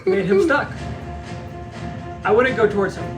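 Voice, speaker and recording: A woman at a tabletop game calmly explains how her spell works, keeping her delivery dry and to the point. Her voice is mid-pitched. Echo and music fill the background. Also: measured pace. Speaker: player. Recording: echoey room with music behind.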